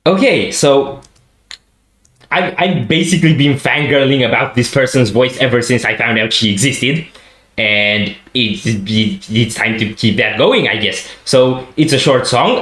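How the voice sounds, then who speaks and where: Excitable man in an echoey room. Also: mid-range voice, measured pace. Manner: enthusiastic fanboy rambling with restarts. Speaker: reaction show co-host. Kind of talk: casual reaction chat.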